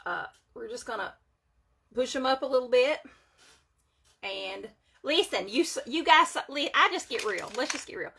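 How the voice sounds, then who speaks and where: A woman's voice: high voice, lively intonation, normal speed, vocal fry, pauses often, sharp tone, slightly rough. A woman hosting a casual live makeup stream from home, chatting with viewers and greeting them by name. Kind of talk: casual live chat while doing makeup. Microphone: phone or webcam for a live video.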